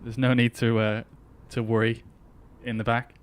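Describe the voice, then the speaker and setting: A man's voice: medium pitch, flat delivery, moderate pace, slight background noise. Chatty male flight-sim streamer. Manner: chatty, talks to chat while flying. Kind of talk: casual live-stream commentary.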